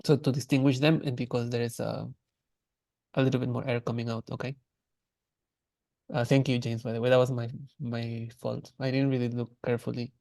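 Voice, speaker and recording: Gravelly casual male language teacher. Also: mid-range voice, level tone, fairly quick, mellow, no room sound. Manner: casual, many restarts, demonstrates sounds. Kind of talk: online class lecture.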